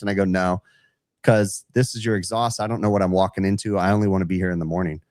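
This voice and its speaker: A man's voice: deep voice, quick pace, no room sound, clean studio sound. A man telling a work story on a casual trade podcast, acting out both sides of the dialogue and calling people dude. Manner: animated storyteller, acts out customer dialogue, says dude. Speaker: podcast co-host, HVAC technician.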